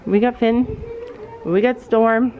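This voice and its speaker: A woman's voice: a little high, steady tone, takes it slowly, music in the background. Chatty woman vlogging at a horse barn. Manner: chatty, talks to horses in a soothing voice. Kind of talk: casual vlog talk to camera. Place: horse barn and trailer, outdoors. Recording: slightly dull sound with faint noise.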